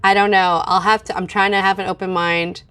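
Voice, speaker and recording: Middle-aged woman vlogger, mid pitch, candid and venting, casual delivery. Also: level tone, a little fast, pushed and bright, clean tone. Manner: candid, venting, frequent fillers. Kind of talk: casual vlog.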